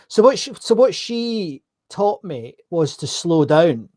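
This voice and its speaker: A man with a Scottish accent hosting a live online interview, chatty and quick to laugh, often repeating his words. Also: high voice, sing-song, a little mellow. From Scotland. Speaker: host.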